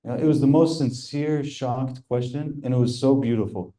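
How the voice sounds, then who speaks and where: A man's voice: mid-range voice, moderate pace, mellow, rough recording. A man teaching a religious class, telling stories in a conversational way and chuckling as he goes. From United States. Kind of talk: storytelling lecture.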